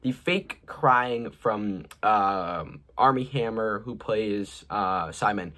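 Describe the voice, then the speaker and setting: Young male reviewer, low-pitched, loose and rambling, lots of "like" and "uh", trails off at sentence ends. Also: expressive, slow, sharp tone. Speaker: movie reviewer. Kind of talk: casual movie review.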